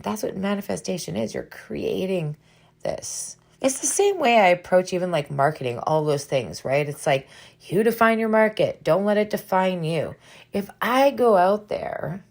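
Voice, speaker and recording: Gravelly-voiced woman podcast host. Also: on the low side, a little mellow. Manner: earnest, coaching, with frequent "right?" tags. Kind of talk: motivational monologue.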